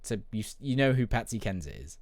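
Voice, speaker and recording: A man's voice: fairly low pitch, big pitch swings, fast, a little mellow, dry recording. A man co-hosting a podcast, chatting casually and reading game text aloud, with a dry, wordy, self-mocking manner. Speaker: podcast co-host. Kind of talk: casual chat over a game playthrough.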